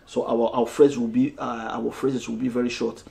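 A man's voice: medium pitch, flat delivery, moderate pace, vocal fry, warm tone. A man teaching a guitar lesson, explaining step by step with frequent fillers and restarts. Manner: explains step by step, switching between English and French, with many fillers. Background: guitar playing.

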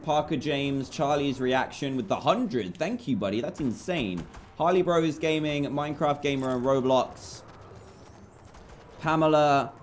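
A man's voice: medium pitch, slight background noise. A young British man chatting while streaming a game live, reading out donors' names and apologising often.

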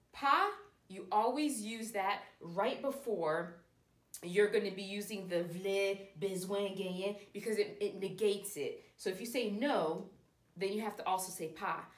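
A woman teaching a language lesson, explaining patiently step by step. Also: medium pitch. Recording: echoey room.

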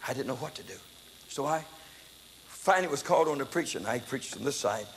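An older man preaching a testimony sermon, telling his story in an animated, dramatic way that breaks into loud exclamations. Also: medium pitch, fairly quick. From United States. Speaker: evangelist preacher. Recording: echoey hall, faint background noise.

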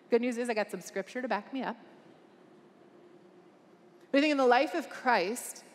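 Earnest woman preaching in a big hall. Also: mid-range voice. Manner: earnest, emphatic, asks the crowd questions. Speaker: conference speaker. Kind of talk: preaching a talk. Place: large conference hall.

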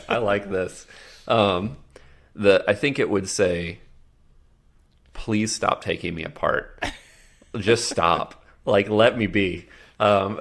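A man with a deep, gravelly voice talks casually as a podcast guest. He is easygoing and often thinks aloud, pausing on fillers as he works out his answers. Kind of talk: casual interview chat.

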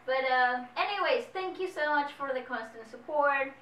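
A woman's voice: sits high, moderate pace, fairly bright tone, distant mic. A woman hosting a casual music channel chat, talking to viewers in a chatty, upbeat way. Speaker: host. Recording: echoey room from off-mic, faint noise.

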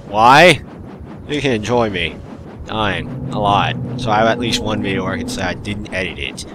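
A man ranting through an uncut gameplay session, sounding endlessly exasperated with the game. His delivery is slow and unhurried, with a faint noise sitting under the voice. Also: sits low, sing-song, a bit bright. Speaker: gaming channel host.

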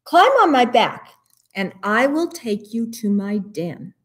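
A gentle mother polar bear, as a woman reads her. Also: a little high, sing-song, takes it slowly. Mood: tender.

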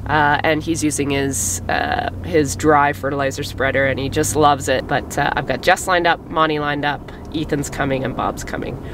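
A woman's voice: low-pitched, fairly even intonation, moderate pace, hardly any pauses. A woman farmer chatting casually to a handheld camera outdoors while doing chores on her farm. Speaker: farmer and vlogger. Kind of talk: casual vlog chat to camera. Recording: clear outdoor farm noise.

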